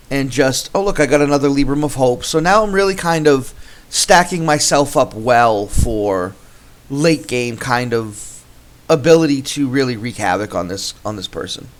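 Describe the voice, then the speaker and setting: A man hosting a gameplay video, casually commentating his card game and thinking aloud with frequent restarts. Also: fairly high pitch.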